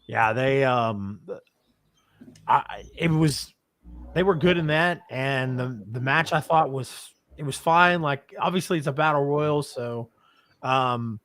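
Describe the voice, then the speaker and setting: A man's voice: medium pitch, slow pace, fairly bright tone, dry recording. A man co-hosting a casual wrestling post-show chat, hesitant with many restarts, joking and profane. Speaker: co-host.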